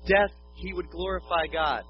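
A man's voice: sits high, fairly even intonation, normal speed, slight background noise. A man preaching a sermon in a conversational way, with casual jokey asides. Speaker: pastor. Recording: dull lo-fi with faint music.

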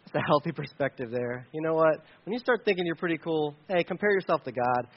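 A man preaching a sermon in an earnest, conversational way, with many restarts and asides, rising to loud pleading and dropping to quiet remarks. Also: fairly high pitch, lively intonation, quick pace. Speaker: pastor. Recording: dull lo-fi sound.

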